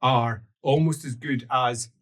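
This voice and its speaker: A man narrating a tabletop role-playing game as game master, in an animated way with laughs and sound effects. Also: mid-range voice, slow.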